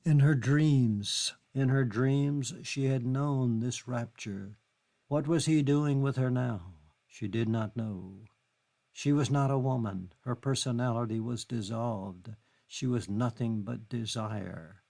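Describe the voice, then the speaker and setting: A man narrating a literary novel in a measured, steady reading. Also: mid-range voice, vocal fry. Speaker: audiobook narrator.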